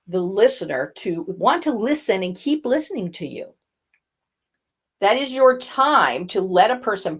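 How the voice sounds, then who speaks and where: Expressive female voice coach teaching. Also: medium pitch. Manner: expressive, demonstrates tones with her own voice. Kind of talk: instructional talk.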